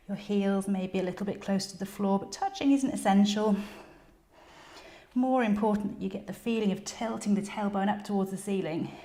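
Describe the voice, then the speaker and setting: Yoga teacher, woman, calm encouraging cues, a bit breathless, echoey room. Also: medium pitch. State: slightly out of breath. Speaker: yoga instructor. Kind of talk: guided yoga class instruction.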